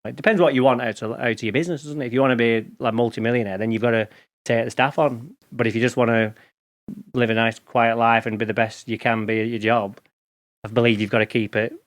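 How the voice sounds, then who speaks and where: A man's voice: medium pitch, steady tone, quick pace. A middle-aged man from England, a guest chatting casually in an interview, telling stories in informal slang. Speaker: podcast guest, lawn care expert.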